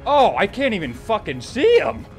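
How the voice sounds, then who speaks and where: A young man giving casual, profane commentary over his own gameplay, swinging from muttering to yelling. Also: very high-pitched, normal speed, creaky, over music. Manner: profane, excitable, frequent yelling. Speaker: gaming YouTuber.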